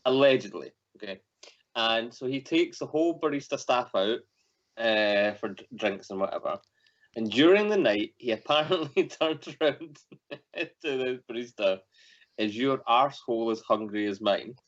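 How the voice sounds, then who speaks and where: A man's voice: medium pitch, normal speed. A man from Scotland co-hosting a livestream with a mid-range voice that swoops widely as he talks. He tells stories with lots of giggles. The audio is slightly dull and lo-fi. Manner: giggly storyteller, animated. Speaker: co-host. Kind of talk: casual livestream chat.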